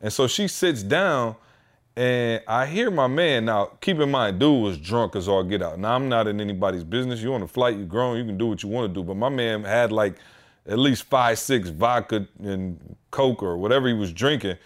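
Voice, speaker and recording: A man's voice: lowish voice, normal speed. A man in his thirties, a podcast co-host, telling a story in casual chat and acting out the people in it with heated voices. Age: 30s.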